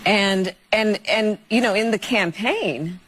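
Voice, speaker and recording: A woman politician answering in an interview, halting and repeating words. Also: mid-range voice, fairly bright tone, husky.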